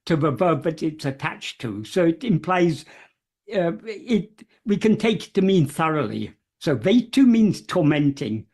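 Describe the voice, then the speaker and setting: Unhurried speaker going through a text word by word, lots of ums and pauses, a bit husky. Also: mid-range voice. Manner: hesitant, many pauses and fillers, gentle repetition of terms. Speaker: speaker explaining a verse. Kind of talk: slow, careful explanatory talk.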